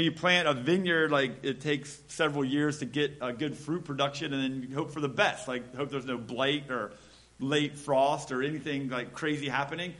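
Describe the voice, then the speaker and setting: A man with a slightly high voice preaching a relaxed sermon. He talks conversationally, slows down to read scripture, and acts out little back-and-forth exchanges. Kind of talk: casual sermon with Bible reading.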